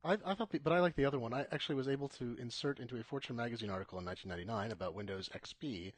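A man on a podcast panel, talking quickly in casual chat. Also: mid-range voice, slightly rough, dry recording.

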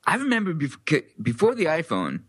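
Male podcast co-host, hesitant, very expressive pitch, dry sound. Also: brisk, slightly rough, no echo. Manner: hesitant, breaks into laughter. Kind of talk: casual chat.

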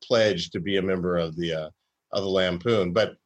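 A man's voice: sits low, normal speed, highs cut off. A man from Georgia, a comedy writer, telling stories in a casual interview with many fillers and restarts.

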